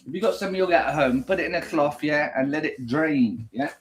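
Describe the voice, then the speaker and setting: A man's voice: on the high side, lively intonation, a little fast, a little hiss or hum. Guy vlogging, swears nonstop, over the top, voice all over the place. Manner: crude, swearing, exaggerated. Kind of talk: casual rant and food vlog.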